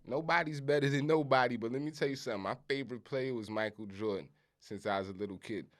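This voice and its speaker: A man's voice: mid-range voice, quick pace. A middle-aged man from Brooklyn with a New York accent, hosting a podcast in a casual, emphatic monologue and swearing for emphasis. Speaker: podcast host.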